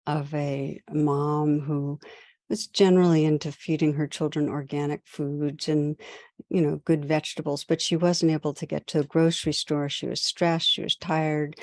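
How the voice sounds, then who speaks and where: Woman, meditation teacher, low voice, dry close sound, gentle measured phrasing. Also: dry recording. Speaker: meditation teacher and podcast host. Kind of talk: recorded meditation talk.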